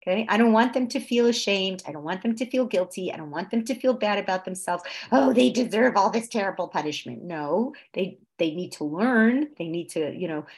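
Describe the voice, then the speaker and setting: A woman leads a conversational religious class. She swings from loud, emphatic peaks to soft, low stretches, and often checks that her listeners are following. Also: expressive, brisk, hardly any pauses. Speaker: Torah class teacher.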